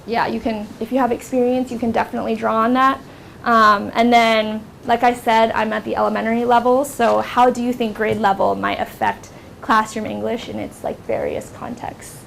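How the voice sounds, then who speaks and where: A young American woman, a workshop instructor, leads a class in a university classroom in a loose lecture style packed with ums and likes. Her voice sits a little high with little pitch movement, at a moderate pace, with vocal fry and a slightly bright tone. There's a bit of background noise.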